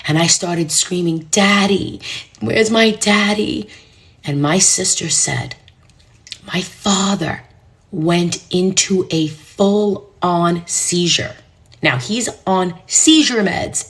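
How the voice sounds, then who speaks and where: A middle-aged woman, a numerologist telling an emotional personal story to live viewers, intense and earnest, dropping at times to a soft whisper. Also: fairly low pitch. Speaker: numerologist hosting a live stream.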